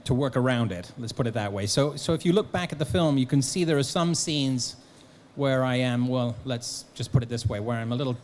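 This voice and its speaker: A man, a guest actor and author, telling lively anecdotes at a convention Q&A, acting out bits of dialogue. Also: medium pitch, a little fast, few pauses. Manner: animated storyteller, acting out quotes. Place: convention hall.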